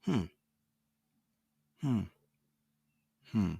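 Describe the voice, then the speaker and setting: A man's voice: lowish voice, very animated, drawn-out words, gravelly, mellow, slightly rough, no room sound. A young adult man, hosting a candid solo monologue, raw and profane, reflective and laughing often. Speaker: podcast host.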